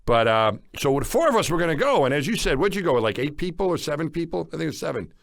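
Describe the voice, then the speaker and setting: A man in his fifties co-hosting a podcast, recounting stories with lively, animated energy in a casual chat. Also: a little high, rapid-fire, gravelly, no echo. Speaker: podcast co-host.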